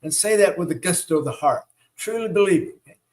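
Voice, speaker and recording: A spiritual teacher and show host leads a live teaching in a high-sitting, lively voice at a slightly quick pace. He coaxes listeners along through repeated affirmations, checking in often with "right?" and "okay?"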